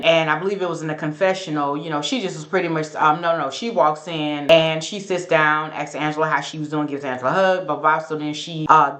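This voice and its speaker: Woman host, fairly low voice, gossipy recap delivery, animated quoted lines. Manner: chatty, sassy, says "baby" and "girl" a lot; acts out quotes with sudden high pitch jumps. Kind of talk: casual reality TV recap.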